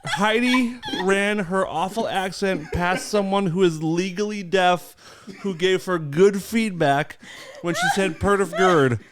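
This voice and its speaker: A woman's voice: mid-range voice, takes it slowly, a crowd in the background. A woman co-hosting a podcast in casual banter, blunt and teasing, swearing and laughing often. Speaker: podcast co-host.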